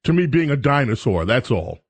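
Animated rambling male talk radio host. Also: mid-range voice, brisk, husky. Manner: rambling, jokey, self-mocking. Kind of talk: casual talk radio monologue.

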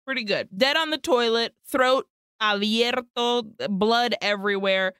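A woman co-hosting a podcast, casually retelling a film's plot with lively, profane storytelling and Spanish words slipped in. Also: on the high side, unhurried, clear, resonant tone, no echo, clean studio sound. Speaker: podcast co-host. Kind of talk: casual movie recap chat.

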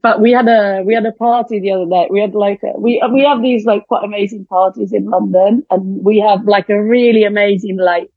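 A woman's voice: mid-range voice, steady tone, fairly quick, hardly any pauses, dry recording, narrow, tinny audio. A middle-aged Italian woman with an Italian accent, chatting as a podcast guest and laughing often. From Italy. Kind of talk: casual podcast chat. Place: home.

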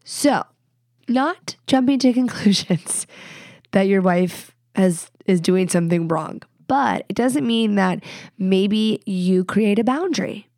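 A woman's voice: medium pitch, darkish tone, no echo. Congested woman in her thirties hosting a podcast, blunt and candid, dry close mic. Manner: blunt, candid, quick asides. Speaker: podcast host. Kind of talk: casual advice chat.

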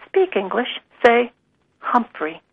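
A woman voicing a shy young schoolgirl in a soft storybook reading. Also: on the high side, sing-song, slow, creaky, slightly rough, phone-quality sound, voice pushed up, heavily acted.

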